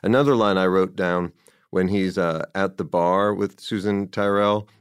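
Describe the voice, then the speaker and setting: A man's voice: sits low, fairly even intonation, measured pace, clear, resonant tone, dry recording, clean studio sound. A man in casual conversation, rambling with enthusiasm about a film and quoting its dialogue along the way.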